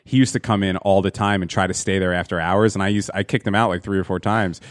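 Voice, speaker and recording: A man's voice: low-pitched, fairly even intonation, quick pace, dry recording, clean studio sound. A man hosting a podcast, telling a profane, rambling story in a casual way with lots of fillers and restarts. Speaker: podcast host.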